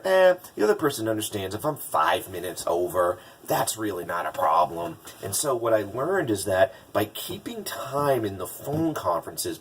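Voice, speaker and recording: A man speaks casually in a vlog, drawing on his work as a business coach. His voice is low and husky. He restarts sentences often and gets animated when quoting people, recorded from a distance. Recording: distant mic.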